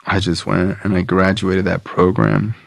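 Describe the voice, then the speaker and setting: A man's voice: sits low, level tone, a little slow, creaky, dry recording. A man from South Florida, a podcast guest, telling his own story frankly and loosely, with plenty of filler words and swearing. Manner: frank, loose, heavy use of "like" and profanity. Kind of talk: candid personal storytelling.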